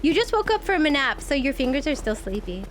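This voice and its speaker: High lively woman streamer over loud music. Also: brisk, slight background noise. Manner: chatty, scattered, playful reactions to the game. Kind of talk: casual live gameplay chatter. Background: loud background music.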